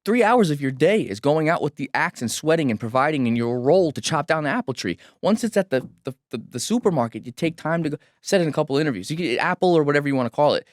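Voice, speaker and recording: A man's voice: fairly high pitch, expressive, quick pace, few pauses, dry recording. Emphatic man in casual studio talk. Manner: emphatic, restless, frequent restarts and stammers. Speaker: musician guest. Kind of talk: casual candid conversation.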